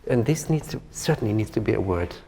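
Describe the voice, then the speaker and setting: A man's voice: fairly low pitch, animated, quick pace, gravelly, warm tone, husky. A man teaching a violin masterclass, speaking thoughtfully with hesitant phrasing and singing phrases to demonstrate. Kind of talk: masterclass coaching. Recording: reverberant hall with violin music.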